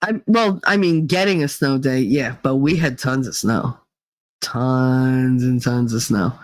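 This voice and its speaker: A woman's voice: very deep voice, unhurried, no room sound, poor audio. Chatty storytelling woman, dry close sound. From Northeast Pennsylvania, US. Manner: chatty storyteller, many fillers, mimics voices in quotes. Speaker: livestream host reading chat. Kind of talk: casual chat.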